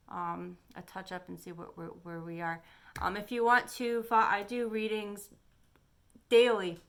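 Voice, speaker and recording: A woman's voice: medium pitch, sharp tone. A woman tarot reader giving a chatty, encouraging weekly energy forecast to her camera. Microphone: camera on her face.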